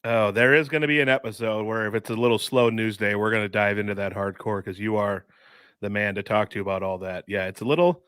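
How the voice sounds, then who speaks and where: Man, lowish voice, upbeat sports podcast co-host, dry close mic. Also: fast talker, a bit bright, clean tone, dry recording. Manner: enthusiastic, says dude and mm-hmm. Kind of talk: casual sports chat.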